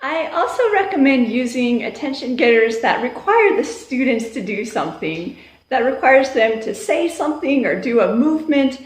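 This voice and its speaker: Teacher, female, higher-pitched, explains calmly and bursts into loud calls; echoey room. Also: normal speed. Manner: calm explaining, bursting into loud sing-song classroom calls. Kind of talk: instructional talk on classroom routines.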